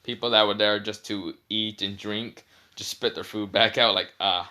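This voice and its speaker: A man's voice: lowish voice, fairly even intonation, normal speed, bright, forceful tone. A young man casually retelling a fan story. He rambles with many fillers and self-corrections.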